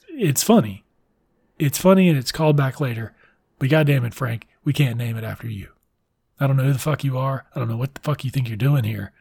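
A man with a gravelly, slightly husky voice at an ordinary pitch hosts a podcast, recapping a children's book. He talks in a sarcastic, rambling way, swears freely and keeps breaking off into quick asides. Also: darkish tone, no room sound, studio quality. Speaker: podcast host. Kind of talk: profane comedic book recap.

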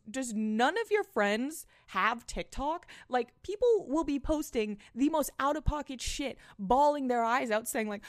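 A young woman hosting her own podcast, talking casually and bluntly with a lot of swearing, and getting louder and more animated as she rants. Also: sits high, no room sound, clean studio sound. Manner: blunt, frequent swearing, rising and animated when ranting. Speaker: podcast host. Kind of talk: casual solo podcast rant. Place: small apartment.

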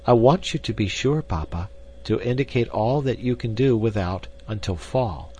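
A man's voice: fairly low pitch, lively intonation, moderate pace, a little mellow, a little hiss or hum, voice pushed up, lightly acted. A man reading an audiobook, voicing a polite but firm young woman speaking to her father.

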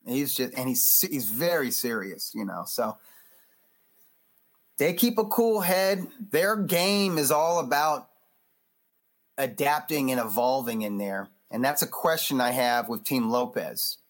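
A man who is a boxing magazine editor, chatting loosely as a podcast guest, animated and full of restarts. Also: mid-range voice, a little slow. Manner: animated, loose, acts out quotes; frequent restarts and fillers. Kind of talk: casual interview chat.

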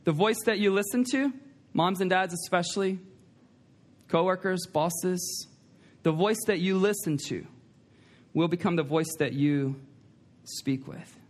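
A man preaching a sermon in a church, emphatic, repeating key lines and putting questions to the congregation. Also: sits high. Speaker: pastor. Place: church sanctuary.

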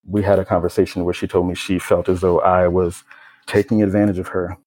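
A young American man tells his own story in a low, steady voice that barely rises or falls. His tone is dark and mellow with a husky edge. He talks in a reflective, unhurried way, with plenty of casual fillers. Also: no echo, low-quality recording. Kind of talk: personal testimony.

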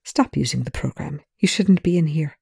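Reader voicing a dry irritable scientist, clipped, soft, gravelly, mellow tone. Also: medium pitch, moderate pace, dry recording, heavily acted. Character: dry, sardonic male scientist, irritable but amused. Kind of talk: fan fiction reading.

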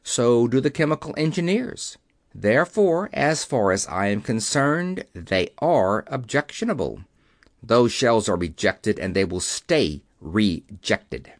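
A man reads a commanding chief engineer with a quiet, carrying authority. His pitch moves a lot as he lays down the law. The sound is dry and close. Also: sing-song, unhurried, dry recording.

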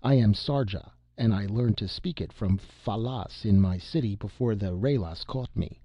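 Storybook alien read by a man: tall, eager green man, stilted earnest speech, low pitch, dull dry sound. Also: normal speed, no echo.

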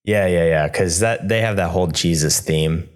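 A man co-hosting a casual movie trivia podcast, easygoing and animated. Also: sits low, moderate pace, clean tone. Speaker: podcast co-host.

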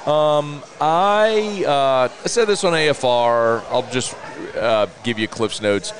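A man's voice: mid-range voice, slow pace. A man hosting a sports talk show, chatty and upbeat, laughing easily.

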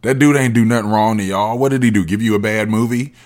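A man's voice: lowish voice, quick pace, darkish tone. A man hosting his own podcast, talking alone in a casual, profane and emphatic rant. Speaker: podcast host.

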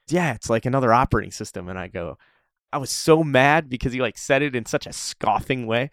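A man telling stories in a casual conversation, animated and often laughing. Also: medium pitch, brisk, dry recording, clean studio sound. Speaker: interview guest.

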